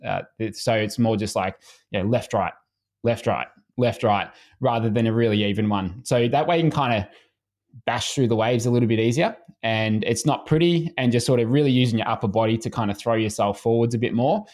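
A man's voice: medium pitch, brisk. A man, a swimming coach speaking as a podcast guest in an easygoing, casual way. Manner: relaxed, easygoing, frequent restarts.

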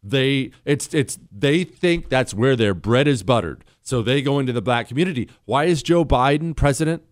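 A man's voice: mid-range voice, lively intonation, moderate pace, dry recording, clean studio sound. A man hosting a talk radio show, speaking bluntly and sarcastically with strong emphasis. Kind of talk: opinionated talk radio monologue.

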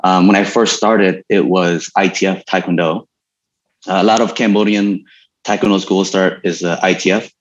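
Man with a very low voice as the interview guest, easygoing rambling talker, slightly dull recording. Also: moderate pace. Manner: relaxed storytelling with many fillers and frequent laughs. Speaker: guest, stuntman and martial artist. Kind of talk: casual interview conversation.

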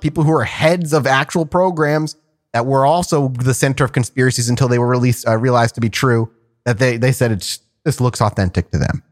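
A man co-hosting a casual podcast over a video call, presenting research in a rambling way with lots of fillers and restarts. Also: medium pitch. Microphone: remote call over a video chat app.

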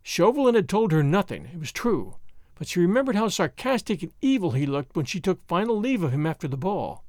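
A man's voice: high voice, sing-song, fairly quick, a little mellow, dry recording, clean studio sound. A man narrating a storybook in a dramatic, theatrical reading. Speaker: audiobook narrator.

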